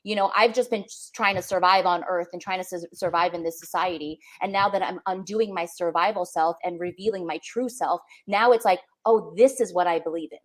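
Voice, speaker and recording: A woman's voice: on the low side, a little fast, few pauses. A young woman co-hosting a spiritual podcast, talking earnestly and emotionally, often repeating words for emphasis. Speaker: podcast co-host. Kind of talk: heartfelt spiritual podcast chat.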